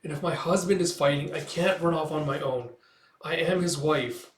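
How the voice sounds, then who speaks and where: A man voicing a calm, resolute young wife who speaks firmly and steadily. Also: fairly high pitch, normal speed, natural voice. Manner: steady, firm. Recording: roomy echo.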